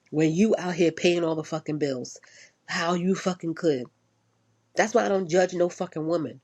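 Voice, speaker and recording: A woman's voice: on the low side, a little mellow, slightly rough. A woman ranting casually, blunt and profane, repeating herself for emphasis. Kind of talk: casual rant.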